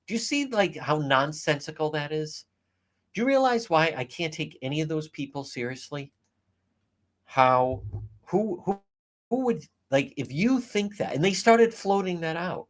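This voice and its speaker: A man hosting a casual livestream, ranting in an animated, profane way. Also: on the high side, normal speed. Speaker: livestream host.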